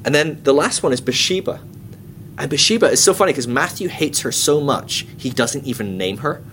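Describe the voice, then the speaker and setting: A man's voice: mid-range voice, lively intonation, moderate pace, a bit bright, a little hiss or hum. Chatty man teaching a Bible class. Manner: chatty and irreverent, with comic asides and acted-out quotes.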